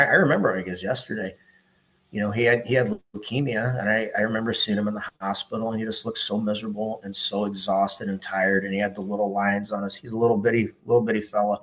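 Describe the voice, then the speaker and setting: A man's voice: on the low side, a bit bright, low-quality recording. A middle-aged man, a former police officer, talking in a casual podcast interview, earnest and emphatic, swearing freely.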